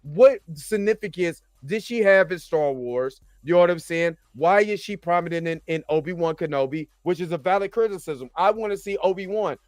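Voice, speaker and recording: A man's voice: high voice, moderate pace, hardly any pauses, no echo, clean studio sound, soft background music. A man hosting a casual chat, rambling and often asking "you know what I'm saying". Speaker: host.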